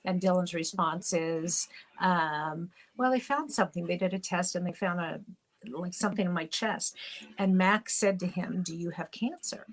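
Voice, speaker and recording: A woman's voice: lowish voice, moderate pace, low-quality recording. A middle-aged woman, an interview guest and mother, telling a personal story candidly and at times getting choked up. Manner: candid, gets choked up at moments.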